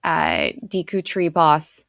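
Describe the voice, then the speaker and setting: A woman's voice: sits low, very animated, slow pace, gravelly, fairly bright tone, no room sound, clean studio sound. A woman in her thirties co-hosting a podcast, chatting casually and rambling with lots of fillers. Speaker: podcast co-host. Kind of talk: casual chat.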